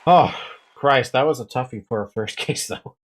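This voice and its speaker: A woman's voice: rumbling low, normal speed, husky, a faint crowd. A woman giving casual game commentary, laughing often and exclaiming as she plays. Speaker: let's play gamer.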